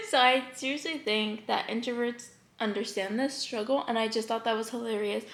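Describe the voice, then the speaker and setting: A young woman chatting bubbly and fast in a mukbang vlog, laughing often and reading confessions aloud. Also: a little high, fairly even intonation, a bit bright. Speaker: YouTuber. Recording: echoey room.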